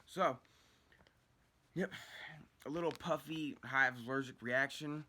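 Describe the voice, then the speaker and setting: Young man, mid-pitched, casual storytime vlogger; loose, rambling, profane delivery with frequent restarts. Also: takes it slowly, bright, forceful tone. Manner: rambling, heavy swearing, restarts.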